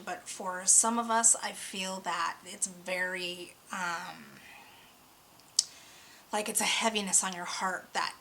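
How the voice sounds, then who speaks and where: A woman's voice: medium pitch, sharp tone, a little hiss or hum, poor audio. A woman giving a weekly oracle card reading, talking earnestly and a bit ramblingly, openly emotional, her voice close to cracking. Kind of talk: spiritual card reading monologue.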